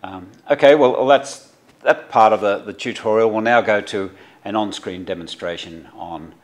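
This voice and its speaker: A middle-aged man with an Australian accent teaches a journalism class in an unscripted tutorial. His voice sits on the low side, and he talks haltingly, full of fillers and restarts as he explains practical steps. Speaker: journalism lecturer.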